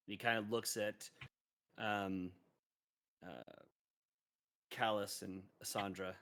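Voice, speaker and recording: A man's voice: lowish voice, a bit bright, slight background noise. A man narrating a tabletop game as game master, in a casual way with frequent fillers.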